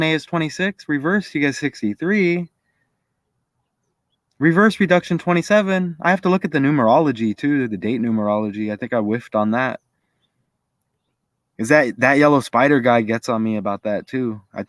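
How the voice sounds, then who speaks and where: A man's voice: mid-range voice, a bit bright, dry recording. A man giving casual commentary to his viewers, chatty and thinking aloud as he goes. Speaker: video creator.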